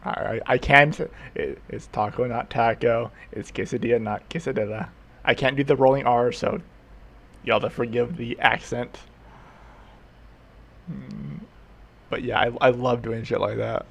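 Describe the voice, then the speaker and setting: Man, live-stream host, gravelly voice, slightly husky, casual chat, laughs often. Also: mid-range voice, fairly even intonation, measured pace, pauses often, fairly bright tone.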